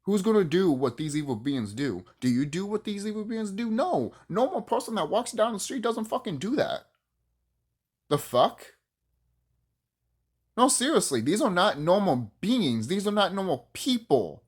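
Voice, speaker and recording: A man's voice: high voice, sing-song, moderate pace, slightly rough. A man from the United States ranting on his vlog in a heated, profane, preachy and rambling way. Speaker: vlogger. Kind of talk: unscripted rant to camera.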